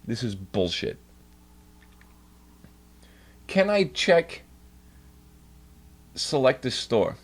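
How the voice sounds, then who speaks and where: A man's voice: medium pitch, sing-song, very slow, long pauses, breathy edge. A young man streaming casually, ranting in exasperated, profanity-heavy bursts. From New York. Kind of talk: casual livestream rant.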